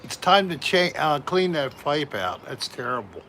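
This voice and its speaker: A man's voice: on the high side, very animated, measured pace, pushed and bright, a little hiss or hum. A man hosting a casual live stream from home, chatting with viewers and reading out their names one by one. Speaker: livestream host.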